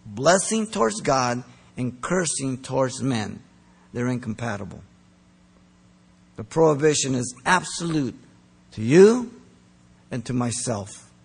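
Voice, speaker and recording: A man delivers an earnest, emphatic sermon, his voice gravelly and a little husky. He swings from pressing emphasis to a soft, pleading tone. A long hall reverb trails behind each phrase. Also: medium pitch, animated, a little slow. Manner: earnest, emphatic, rising to strong emphasis then dropping soft. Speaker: preacher.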